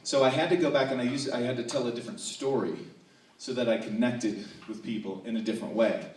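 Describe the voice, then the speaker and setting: A man from North Carolina performs a playful stand-up set with frequent asides to the audience. He talks fast in a medium-pitched, slightly mellow voice with fairly even intonation. The recording comes from an echoey hall with a distant mic and faint ambience.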